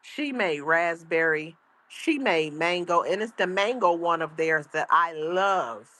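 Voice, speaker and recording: A woman's voice: lowish voice, measured pace. Chatty woman livestream host. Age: older. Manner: chatty, animated, reads chat aloud. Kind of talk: casual livestream chat. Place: outdoors at home.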